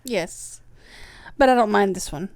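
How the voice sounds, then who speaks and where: A woman's voice: medium pitch, expressive, measured pace, no echo. A woman co-hosting a podcast, chatting casually and teasing her co-host with short agreeing replies. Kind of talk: casual chat ranking songs.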